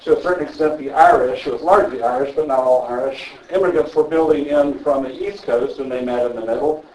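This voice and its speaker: A man's voice: mid-range voice, quick pace, darkish tone, poor audio. An older man gives an evening lecture to an audience in a conversational way, often checking in with the room. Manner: conversational, with frequent "okay?" check-ins.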